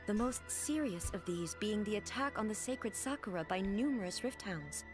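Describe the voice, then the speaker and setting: An actress voicing a composed, ageless female fox-spirit priestess in game dialogue, speaking in a measured, formal, aloof way. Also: medium pitch, lively intonation, over music, close to an everyday voice.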